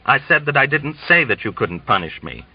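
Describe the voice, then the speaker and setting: A man's voice: medium pitch, sing-song, brisk, husky, no echo, voice pushed up. A man voicing a frightened young cadet who stammers politely under questioning, in a dull, dry recording. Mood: flustered. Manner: flustered, stammering and deferential.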